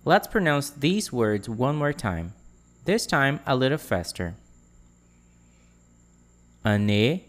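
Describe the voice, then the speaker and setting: On a podcast, a man leads a French pronunciation lesson, speaking clearly and repeating words so listeners can copy them. His mid-range voice is a bit bright, unhurried, and swings widely in pitch.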